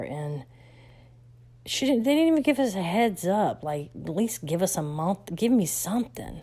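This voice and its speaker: A woman's voice: mid-range voice, lively intonation, moderate pace, mellow. A woman from Texas, chatting animatedly as she tells her life story, laughing now and then. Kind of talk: casual storytelling vlog.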